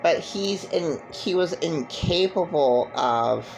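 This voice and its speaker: A man giving a halting, rambling personal monologue with many fillers and restarts. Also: a little high, lively intonation, vocal fry, faint music behind, low-quality recording. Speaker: vlogger.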